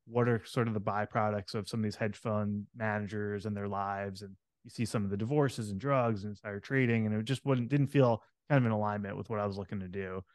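A man's voice: on the low side, fairly even intonation, a little fast, few pauses, a little mellow, no echo, clean studio sound. A man hosting a podcast, telling a personal story in a candid, reflective way with frequent fillers. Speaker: podcast host.

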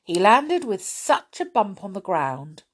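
A woman reads a children's story aloud in a slow, unhurried way. Her voice moves widely up and down with storytelling expression. She lingers on key words to build suspense. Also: medium pitch, breathy edge. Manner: expressive, lively, slow and deliberate.

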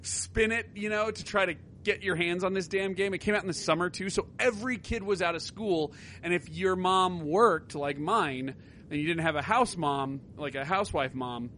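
A man's voice: sits high, normal speed, fairly bright tone, slight background noise. A man co-hosting a casual gaming podcast, rambling through tangents and swearing now and then. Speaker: podcast co-host.

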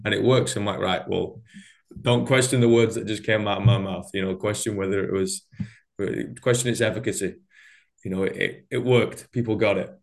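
A man with a Manchester accent hosts a casual podcast chat. His voice sits low and he talks in a loose, slangy way, often breaking into laughter. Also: fairly even intonation, moderate pace, vocal fry. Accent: Northern English, Manchester. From Northern England. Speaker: podcast host. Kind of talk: casual conversation.

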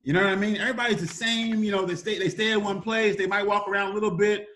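A man in his thirties, a sales trainer and former football player, telling lively stories in a casual podcast chat and acting out the people in them. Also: high-pitched, fast talker, slight background noise. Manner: animated storyteller, acts out voices, calls host brother.

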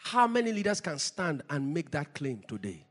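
A pastor preaching an impassioned sermon, dropping low and then shouting out his points, with bursts of praying in tongues. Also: big pitch swings, normal speed. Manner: impassioned preaching, swinging between low intensity and loud shouting; speaks in tongues between points.

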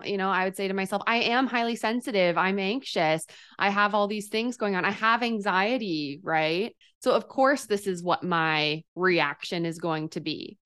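A woman's voice: on the low side, fairly bright tone, clean tone. A woman hosting a podcast, responding thoughtfully and sharing her own experience in conversation. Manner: reflective, speaks from personal experience. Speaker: podcast host. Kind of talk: casual interview chat.

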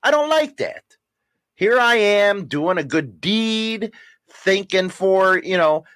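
A man's voice: high voice, very animated, unhurried, fairly bright tone, no room sound. A man co-hosting a casual podcast with his wife, ranting and teasing with plenty of profanity. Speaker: podcast co-host. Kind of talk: casual banter.

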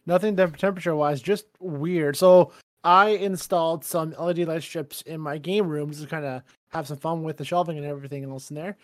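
A man co-hosting a podcast in casual chat, excitable, swearing and laughing as he talks. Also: on the high side, a little fast, dry recording, studio quality. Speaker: podcast co-host.

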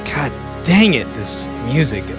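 A young man chatting casually as a podcast host, rambling between mumbled asides and excited outbursts. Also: medium pitch, slow pace, music in the background. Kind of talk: casual solo chat.

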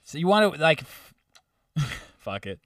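A man's voice: a little high, very animated, measured pace, fairly bright tone, no echo, studio quality, recorded from a distance. A man co-hosting a podcast, bantering casually in a laid-back, profane way. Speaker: podcast co-host. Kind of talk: casual chat.

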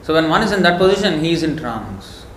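A man's voice: a little high, big pitch swings, fast. Emphatic man preaching in an echoey room. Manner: emphatic, scolding, storytelling. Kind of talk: devotional sermon. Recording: echoey room, faint background noise.

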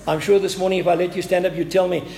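A man with a high voice preaches a sermon as a pastor in a church. He stretches out key words and moves between loud declarations and near-whispered phrases. A long reverb from the large hall trails every line. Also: level tone, very fast, gravelly.

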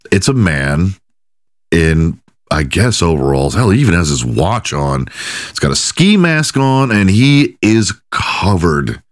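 A man's voice: low voice, no room sound, studio quality. A man hosting a solo comedy podcast, talking crudely and profanely with frequent laughing asides. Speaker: podcast host. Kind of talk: comedic monologue.

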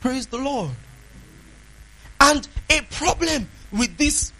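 A man preaching a sermon, emphatic, asking the congregation questions and swinging between loud declarations and hushed asides. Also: extremely high pitch, lively intonation, slow pace, low-quality recording.

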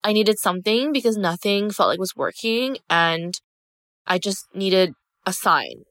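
A woman's voice: mid-range voice, lively intonation, measured pace, fairly bright tone, no echo, clean studio sound. A young woman hosting her own podcast, telling a personal story in a candid, emphatic way, with lots of "like" and swearing. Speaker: podcast host. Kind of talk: casual storytelling monologue.

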